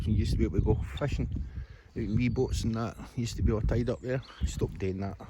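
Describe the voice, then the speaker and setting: A man's voice: mid-range voice, noisy background. A Scottish man chatting casually as he films a walk by a reservoir, rambling along and calling to his dog. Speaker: vlogger. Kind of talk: casual walking vlog narration. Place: outdoors by a reservoir. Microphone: handheld camera. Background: birds and outdoor sounds.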